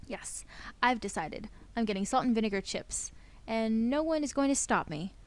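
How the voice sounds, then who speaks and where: A woman's voice: a little high, animated, moderate pace, darkish tone. Playful young woman reading a game. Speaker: let's play host. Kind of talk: reading a visual novel aloud.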